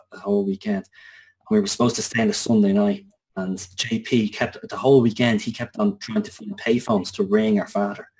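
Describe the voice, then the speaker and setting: A man's voice: lowish voice, rough recording. A man in his thirties with an Irish accent, a guest in an interview, recounting his past in an earnest, conversational way with casual swearing. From Ireland. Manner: earnest, conversational, swearing, with frequent restarts and fillers. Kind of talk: personal storytelling in an interview.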